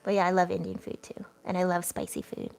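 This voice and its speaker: A woman's voice: on the low side, big pitch swings, fast, gravelly, darkish tone. A young woman doing a tarot reading on a casual livestream. She talks in a chatty way, with lots of filler words and laughs, as she reads the cards and answers the chat. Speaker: tarot reader.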